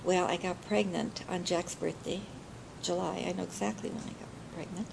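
An older woman with a lowish, gravelly voice recounts family memories for an interviewer. She talks in a chatty way and laughs often as she remembers. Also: fairly even intonation, normal speed, noisy background. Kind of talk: oral history storytelling.

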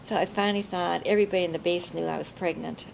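An older woman with a lowish, gravelly voice recounts family memories for an interviewer. She talks in a chatty way and laughs often as she remembers. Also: steady tone, fast talker, a little hiss or hum, low-quality recording. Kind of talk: oral history storytelling.

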